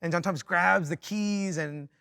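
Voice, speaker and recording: Guy preaching, high bright voice, dry close sound, lots of "and, and" restarts. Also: moderate pace, vocal fry, clean tone, no echo. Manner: animated, with frequent restarts and repeated words; swings from loud exclaiming to quiet reflection. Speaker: pastor. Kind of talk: storytelling sermon.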